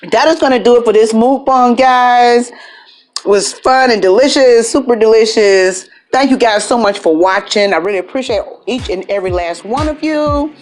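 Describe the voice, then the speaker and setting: A woman's voice: a little high, normal speed. A woman hosting an eating vlog, chatty and upbeat, humming and burping between bites. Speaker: mukbang vlogger. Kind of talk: casual eating vlog chat.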